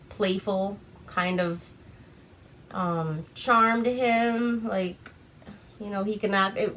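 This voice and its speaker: Slow-talking giggly young woman. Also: medium pitch. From Alaska. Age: young adult. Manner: giggly, swears freely, loose and chatty. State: tipsy on wine. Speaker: vlogger. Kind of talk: casual movie recap.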